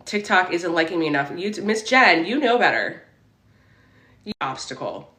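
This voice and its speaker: A woman with a lowish, fairly bright voice and big pitch swings reads viewer comments aloud on her casual livestream, working as a spiritual reader from her room. She keeps a moderate pace and an upbeat, affirming tone, preaching about mindset, and the recording sounds roomy.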